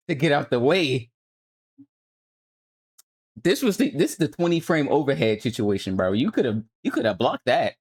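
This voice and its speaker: A man's voice: medium pitch, big pitch swings, normal speed, long pauses, darkish tone, husky. A young man at home, streaming and reviewing gameplay footage in a laid-back, coaching tone that swears casually. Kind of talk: casual commentary.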